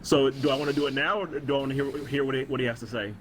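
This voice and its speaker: A man's voice: mid-range voice, fairly even intonation, racing, a bit bright. A man playing a tabletop game, talking in a rambling way, swearing and laughing often. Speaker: player. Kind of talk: casual tabletop game chat. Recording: noisy home recording.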